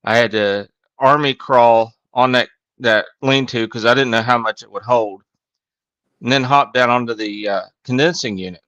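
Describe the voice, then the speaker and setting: Co-host, male, wry self-deprecating storyteller, bright edgy tone, dull lo-fi audio. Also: medium pitch, moderate pace, dry recording. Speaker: podcast co-host, HVAC technician. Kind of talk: casual storytelling.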